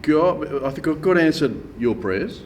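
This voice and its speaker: A man's voice: on the high side, lively intonation, a little slow, far from the mic, slight background noise. A middle-aged man tells his faith story in a wry, laconic way and acts out the people he quotes. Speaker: church member giving testimony. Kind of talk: storytelling testimony. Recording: room ambience, voice a bit off-mic.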